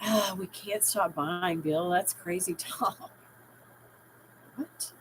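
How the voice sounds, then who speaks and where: A woman's voice: on the low side, takes it slowly, a little hiss or hum, poor audio. Chatty middle-aged woman live streaming. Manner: chatty, rambling, reads out chat comments, laughs easily. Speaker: livestream host. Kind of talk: casual live stream chat.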